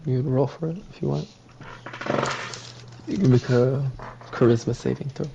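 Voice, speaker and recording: A man's voice: mid-range voice, steady tone, moderate pace, gravelly, mellow. A man narrating a tabletop game as game master, describing scenes in a rambling way with many fillers. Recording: muffled lo-fi with faint hiss.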